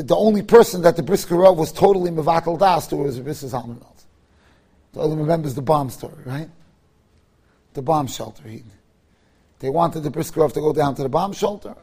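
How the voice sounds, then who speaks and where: A rabbi delivering a sermon through a story. His voice is high for a man, and he moves between quiet, hushed narration and loud, emphatic bursts. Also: slightly rough.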